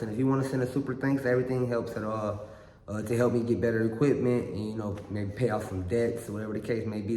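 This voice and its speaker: A young man talks straight to his viewers in a loose, rambling monologue, circling back and repeating himself as he goes. His voice sits at an ordinary middle pitch. The room around him rings with a long, echoey reverb. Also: a little mellow, a little hiss or hum. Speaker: reaction channel host.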